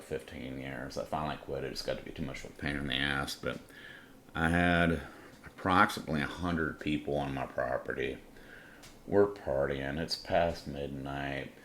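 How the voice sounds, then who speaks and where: A man's voice: a bass voice, slight background noise. A middle-aged man telling a personal story on his podcast in a blunt, swaggering way, swearing freely. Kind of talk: casual profane storytelling.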